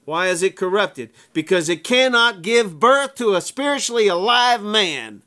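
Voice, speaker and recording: A man's voice: sits high, animated, moderate pace, pushed and bright. A man preaching a sermon, emphatic, repeating phrases for effect in plain folksy wording.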